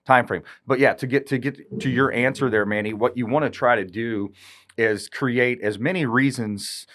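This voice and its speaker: A man's voice: mid-range voice, normal speed, fairly bright tone. A man, a real estate agent on a podcast, explaining negotiation with examples and rhetorical questions. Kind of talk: casual podcast chat.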